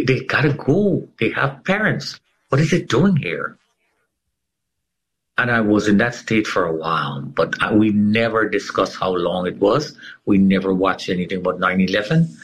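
A middle-aged man giving an emotional personal testimony as an interview guest, telling it dramatically with big swings in pitch. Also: a bit bright, breathy edge, rough recording.

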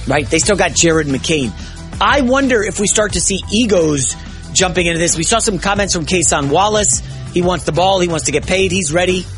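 This man, with a high voice, is a stand-in sports radio host. His talk rambles excitedly, and he keeps fixing what he says partway through sentences.

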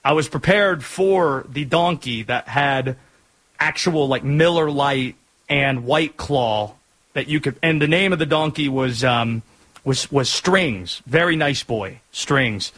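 A man's voice: mid-range voice, takes it slowly, a bit bright, low-quality recording. A married man from North Carolina hosting a sports podcast, chatting casually with rambling joking asides.

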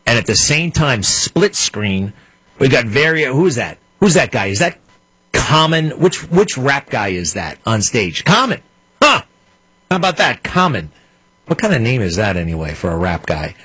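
A man's voice: mid-range voice, big pitch swings, normal speed, fairly bright tone, slightly rough, no room sound, low-quality recording. A man hosting a radio talk show, delivering an opinionated monologue with sarcastic, mocking asides.

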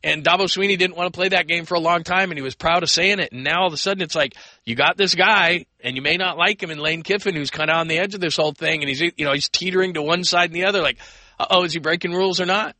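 An American man hosting a call-in sports radio show, talking in an energetic, rambling way and taking calls. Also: fairly high pitch, quick pace, no room sound. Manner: energetic, rambling, acts out quoted voices.

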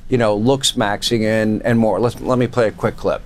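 A man hosting a news talk show, chatty and quick to laugh with his guest. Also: fairly low pitch, steady tone, a little hiss or hum. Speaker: host.

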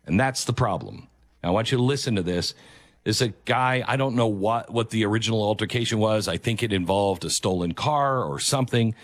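This commentary host has a lowish voice and talks fairly quickly, recorded cleanly in a studio with no room sound. He weighs in on a video clip earnestly and emphatically, repeating the phrases he wants to stress.

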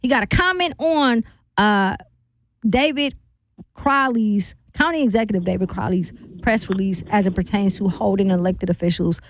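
A woman's voice: medium pitch, normal speed, dry recording. A woman hosting a live talk radio show, upbeat and chatty as she introduces a guest and takes calls.

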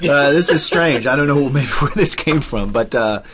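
A man from Arkansas co-hosts a history podcast in relaxed conversation. He stammers and repeats words as he works through his thoughts. His voice sits at an ordinary pitch. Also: normal speed, slight background noise. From Little Rock, Arkansas. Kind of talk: casual conversation.

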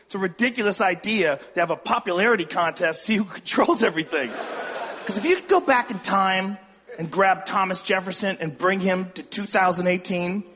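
A man doing a stand-up comedy set, ranting and often shouting. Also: high voice, a little fast. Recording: live club with long reverb and crowd. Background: audience laughter.

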